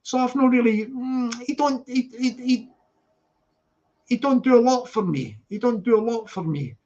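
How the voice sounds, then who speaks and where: A man's voice: extremely high pitch, moderate pace, darkish tone, lo-fi sound. A man with a Scottish accent, hosting a casual live stream from home and rambling to viewers in the chat. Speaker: livestream host. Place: home flat.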